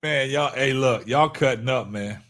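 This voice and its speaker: A man's voice: medium pitch, unhurried, fairly bright tone. A man hosting a live stream, laughing hard and whooping between casual remarks to his chat. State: laughing to tears. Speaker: livestream host.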